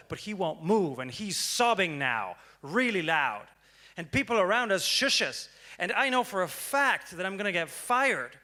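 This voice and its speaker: Young guy on stage telling a story, bright voice, goes quiet then loud, pretty dramatic. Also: high-pitched, sing-song, unhurried. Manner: dramatic, swings from hushed to loud. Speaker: speaker. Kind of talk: prepared storytelling talk. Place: stage before an audience.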